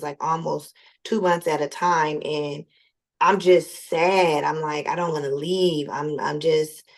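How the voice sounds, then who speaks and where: Southern lady guest on a podcast, really low voice, earnest chatty talk. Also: vocal fry. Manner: earnest and open, lots of "like" and "you know". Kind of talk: casual interview chat.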